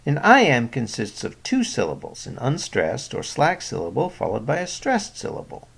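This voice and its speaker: Gravelly, husky male narrator for a poetry lesson, lively pitch, careful and explanatory. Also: moderate pace, few pauses. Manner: clear explanatory delivery, stressing example words. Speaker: poetry teacher. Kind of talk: scripted educational narration.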